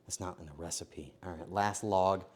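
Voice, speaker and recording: A man live-streaming himself baking, joking to his chat and swinging between quiet mutters and loud outbursts. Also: low voice, fairly even intonation, moderate pace, slightly rough. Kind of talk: casual live-stream commentary while baking.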